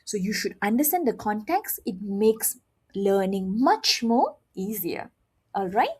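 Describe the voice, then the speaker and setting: A woman's voice: medium pitch, very animated, a little slow, slightly rough. A woman teaching a beginner language lesson, speaking expressively and modeling sounds with exaggerated tones while checking in with her learners. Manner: repeats "all right?" to check understanding.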